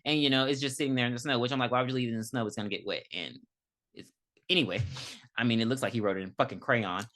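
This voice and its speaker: A woman co-hosting a podcast, recapping a film in an animated, profane, storytelling way. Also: rumbling low, very fast. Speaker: podcast co-host. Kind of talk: casual movie review chat.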